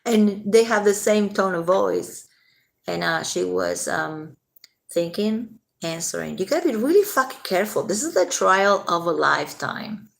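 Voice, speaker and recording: A woman's voice: lowish voice, lively intonation, a little slow, gravelly. A woman hosting a casual late-night livestream, chatting with viewers, answering their comments and swearing freely.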